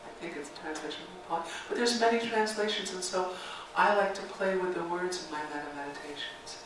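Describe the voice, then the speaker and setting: A woman's voice: on the low side, a little fast, background noise. A woman minister giving a reflective sermon and leading her congregation in guided meditation, speaking in a church sanctuary. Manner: reflective, leads call-and-response chanting. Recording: very echoey sanctuary, mic far off.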